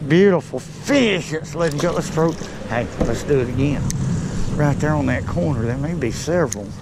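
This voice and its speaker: A man narrating his fishing trip from a boat on a river, excitable and talking straight to his viewers. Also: a little high, normal speed, heavy background noise. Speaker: fishing vlogger. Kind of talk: casual narration while fishing.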